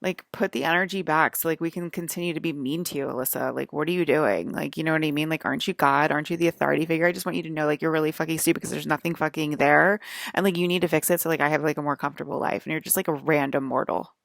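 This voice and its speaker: A woman's voice: sits low, steady tone, rapid-fire, creaky, no room sound, studio quality. A woman rambling in an agitated monologue to her viewers, full of "like" fillers and swearing. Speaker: vlogger.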